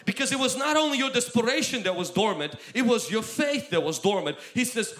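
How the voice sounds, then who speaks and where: Male preacher, high-pitched and impassioned, delivering a sermon in a roomy, echoing space. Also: big pitch swings, fast, few pauses. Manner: impassioned, swings between loud exhortation and quiet asides. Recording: roomy echo.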